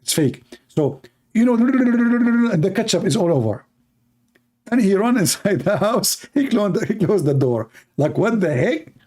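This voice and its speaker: A sarcastic debate streamer whose first language is Arabic mocks things in live-stream commentary, joking and stretching out mock voices. His voice sits high, sing-song and a little mellow, with slight roughness.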